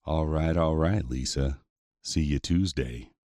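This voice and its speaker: A flirty, deep-voiced cowboy. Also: male voice, a little slow, warm tone, no echo, studio quality. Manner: folksy, teasing cowboy talk. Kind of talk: audio drama acting.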